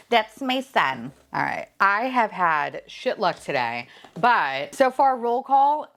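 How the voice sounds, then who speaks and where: A young woman chatting casually as she unboxes collectibles, excitable, laughing often and cursing freely. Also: mid-range voice, slow, gravelly.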